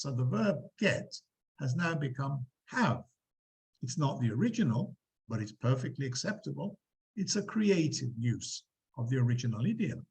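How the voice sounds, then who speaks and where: A man lecturing a university class, explaining examples with animated emphasis and quizzing students. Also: medium pitch, poor audio. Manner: lively, quizzing students, acting out quotes.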